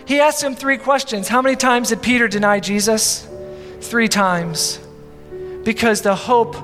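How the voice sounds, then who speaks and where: A man with a very high voice preaches in a church, pressing the point with rhetorical questions and acting out the scenes he describes. His voice rings through a long, reverberant hall, with soft music playing underneath. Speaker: pastor. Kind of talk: sermon.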